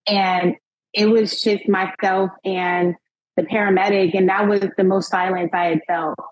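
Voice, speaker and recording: A young woman guest telling a personal story in an interview, animated and acting out what people said, often breaking into laughter. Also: medium pitch, unhurried. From United States. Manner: animated retelling, acting out quotes, frequent laughs and "like". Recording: dull lo-fi podcast sound.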